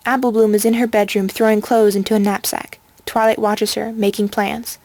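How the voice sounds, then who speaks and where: A woman narrating a fan-written story in a calm, measured way on a close home mic. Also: medium pitch, dry recording. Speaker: audiobook reader.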